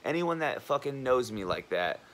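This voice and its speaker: A man's voice: mid-range voice, big pitch swings, moderate pace, fairly bright tone. A young man, an army veteran, ranting to camera in a heated, rambling, profane way about his intentions and a club meeting. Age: young adult. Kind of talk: casual rant to camera.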